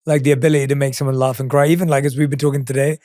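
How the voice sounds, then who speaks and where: A man's voice: mid-range voice, level tone, racing, mellow, no echo, studio quality. A man hosting a podcast interview, earnest and reflective, talking with lots of fillers. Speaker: podcast host. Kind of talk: interview conversation. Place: podcast studio.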